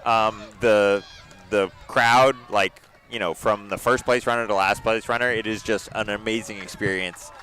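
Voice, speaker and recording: A young man with a lowish voice chats his way through a track meet livestream. He talks loosely and casually, leaning on filler words and easy laughter as he calls the race from outdoors. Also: steady tone, normal speed, fairly bright tone. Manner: chatty, filler-heavy with frequent laughs. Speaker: meet commentator.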